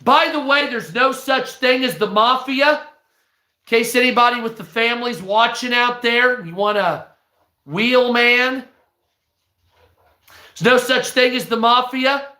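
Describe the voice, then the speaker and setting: Guy doing a shady mob wheelman, evasive wise-guy talk, high-pitched, echoey room. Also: a little slow, long pauses, bright, forceful tone, full character voice. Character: shifty mobster getaway driver man. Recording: roomy echo.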